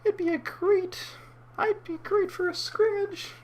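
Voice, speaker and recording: A man doing a high falsetto game girl. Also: fairly even intonation, measured pace. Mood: sweetly helpful. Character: young female game character, polite and helpful.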